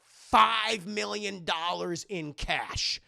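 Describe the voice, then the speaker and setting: A smug, menacing male villain put on by a man drawls his threats slowly. The voice is gravelly and bright, recorded dry and close. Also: high voice, dry recording, heavily acted.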